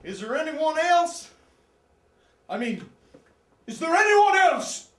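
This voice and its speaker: Send-up falsetto, put on by a man, slow, off the mic in an echoey room. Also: lively intonation, pushed and bright, recorded from a distance, exaggerated voice. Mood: mocking. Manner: drawn-out, high, theatrical. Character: mocking falsetto movie-character parodies, male.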